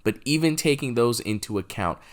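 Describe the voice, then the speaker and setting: A man in his twenties giving casual video commentary as a film reviewer, animated and opinionated, with exasperated rants. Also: mid-range voice, brisk.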